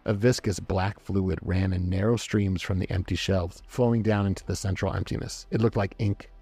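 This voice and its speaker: A man narrating a story aloud in a measured, dramatic reading. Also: low-pitched, fairly even intonation, warm tone, breathy edge. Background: faint background music.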